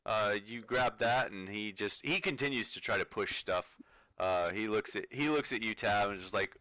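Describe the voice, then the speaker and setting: A man's voice: on the low side, moderate pace, pushed and bright, no room sound. A man running a tabletop game as game master, narrating casually with lots of fillers and chuckles.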